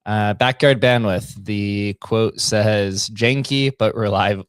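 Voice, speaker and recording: An upbeat male host leads a casual group audio chat and gives quick updates. His voice sits on the low side. The sound is dry and close. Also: steady tone, clean tone, dry recording.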